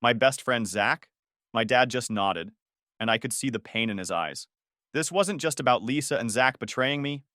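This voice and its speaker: A man's voice: mid-range voice, moderate pace, pushed and bright, no echo, clean studio sound. A man narrating a dramatic personal story in the first person, telling it with emotion and heat. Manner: emotional, with angry outbursts in quoted lines.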